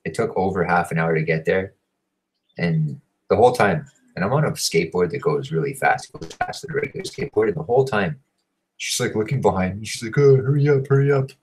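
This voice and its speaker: A man with a low, deep voice tells a story in a loose, rambling monologue. He swears in almost every sentence and talks with a worked-up, animated edge. He sounds like he is in his thirties. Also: brisk, slight background noise, low-quality recording. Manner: profane, animated, swears constantly. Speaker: host. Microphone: home recording setup.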